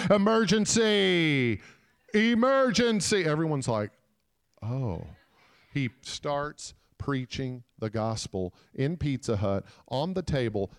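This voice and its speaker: A man giving a sermon as a guest preacher, telling a story and calling out to the congregation, moving between loud shouts and hushed quiet. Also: fairly high pitch. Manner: calls out to the congregation.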